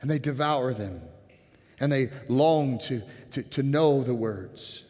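Pastor, male, mid-pitched earnest preacher in a church hall with long reverb. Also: slow. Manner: earnest, rising to impassioned then softening to a hushed prayer. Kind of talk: sermon. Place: church sanctuary.

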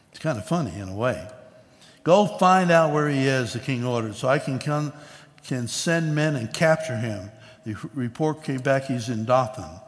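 A man preaching a sermon as pastor, reading scripture aloud and explaining it in a conversational way with asides. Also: fairly high pitch. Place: church sanctuary. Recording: long reverb of a large hall.

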